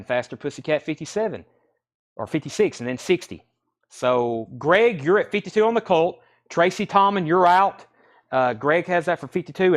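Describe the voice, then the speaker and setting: A man hosting a live record sale, listing titles and prices in quick auction patter. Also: fairly high pitch. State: out of breath.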